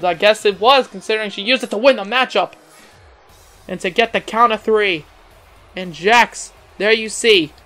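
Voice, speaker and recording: A young man giving excitable play-by-play wrestling commentary, his voice cracking, with frequent exclamations and chuckles. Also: high-pitched. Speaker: amateur commentator.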